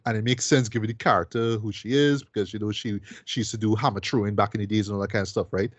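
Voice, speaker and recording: A man's voice: lowish voice, fairly even intonation, fast, no echo, highs cut off. A man co-hosting a podcast, chatting casually and enthusiastically about a film with lots of fillers and tag questions. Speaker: podcast co-host reviewing a film. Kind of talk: casual film review chat.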